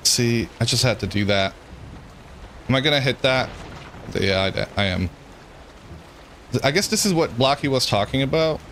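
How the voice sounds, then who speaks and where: A man's voice: medium pitch, lively intonation, normal speed, long pauses, a bit bright, a little hiss or hum. A man streaming a game, giving rambling, self-mocking commentary and chuckling often. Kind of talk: gameplay commentary.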